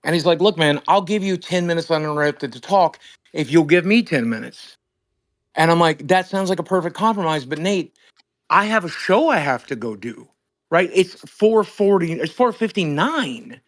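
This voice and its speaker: A man's voice: fairly high pitch, lively intonation, moderate pace. Man ranting through a profane story. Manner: profane, emphatic, acts out both sides of a phone call. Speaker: streamer host. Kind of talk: animated storytelling on a livestream.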